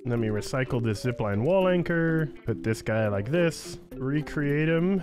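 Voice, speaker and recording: Lively playful gaming YouTuber, a man. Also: mid-range voice, unhurried, hardly any pauses. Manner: playful, teasing the game's creatures. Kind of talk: let's play commentary. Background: game music.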